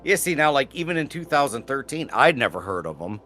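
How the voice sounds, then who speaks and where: A man's voice: mid-range voice, very animated, fairly quick, bright, forceful tone, faint music behind. A man co-hosting a casual podcast chat, rambling and correcting himself as he goes, with casual swearing. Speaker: podcast co-host.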